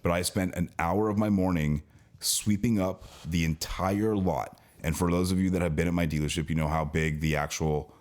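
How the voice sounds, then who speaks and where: A man's voice: low-pitched, steady tone, normal speed, darkish tone. A man co-hosting a casual podcast, telling a long, venting story about his work at a car dealership, with frequent restarts. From California, US. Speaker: podcast co-host, service department worker at a car dealership.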